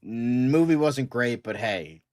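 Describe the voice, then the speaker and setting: A man's voice: medium pitch, animated, a little slow, darkish tone. A man co-hosting a casual chat show, talking bluntly with plenty of swearing and joking. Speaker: podcast co-host.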